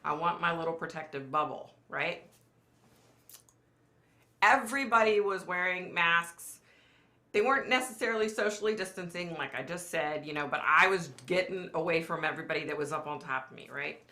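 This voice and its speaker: A woman's voice: fairly low pitch, normal speed, bright, forceful tone. A woman with a cold telling a story on a casual live stream, chatty and exasperated, talking straight to her viewers and swearing casually. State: has a cold. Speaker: live show host.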